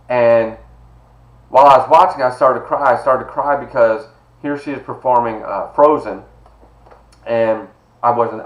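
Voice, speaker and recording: Speaking from home over a video call, a middle-aged man leads an online college class. His mid-range voice sounds reverberant in a rough recording, and he addresses students by name with a warm, encouraging manner.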